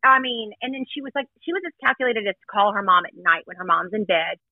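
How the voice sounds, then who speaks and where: A woman's voice: mid-range voice, expressive, fast, no room sound. A woman guest chatting casually and emphatically, driving home her points as she recounts a story. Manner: emphatic, chatty, stresses points with "let me tell you". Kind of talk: casual gossip chat. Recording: tinny phone-line audio.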